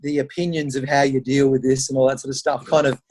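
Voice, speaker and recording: A middle-aged Australian man, a podcast guest, telling stories in an animated, conversational way and acting out the voices of the people he quotes. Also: medium pitch, quick pace. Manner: animated storyteller who acts out quoted voices. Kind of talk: conversational interview storytelling.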